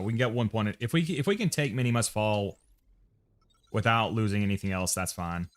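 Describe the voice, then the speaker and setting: Man, American accent, lowish voice, casual livestream chatter, muttering to himself. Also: expressive, fairly quick. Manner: muttering to himself while planning a loadout. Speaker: streamer. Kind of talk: casual livestream gameplay chat.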